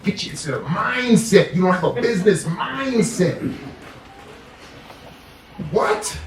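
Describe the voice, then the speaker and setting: A man with a high voice holds forth on a panel, animated and emphatic. He sounds set back from the microphone. The room around him rings. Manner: animated and emphatic, mocks others in put-on quotes. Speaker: guest speaker, professor. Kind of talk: impassioned panel talk. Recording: echoey room, mic at a distance.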